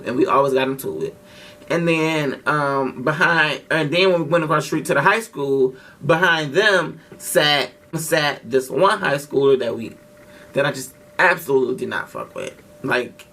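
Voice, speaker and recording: A man's voice: a little high, pushed and bright, far from the mic. A man telling a story casually to his vlog audience, slangy and profane, with lots of restarts. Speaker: vlogger.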